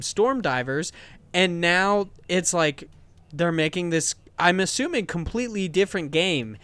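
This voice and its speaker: A man's voice: a little high, a bit bright, smooth, no room sound. A man hosting a games podcast, chatting casually and enthusiastically, rambling with restarts. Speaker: podcast host.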